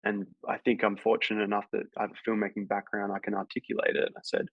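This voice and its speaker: Man, low gravelly voice, casual rambling storyteller, dead dry room, muffled lo-fi recording. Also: fast, dry recording. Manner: rambling, animated anecdote with many fillers. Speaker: actor guest. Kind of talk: casual storytelling in a podcast chat. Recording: dull, dry lo-fi sound.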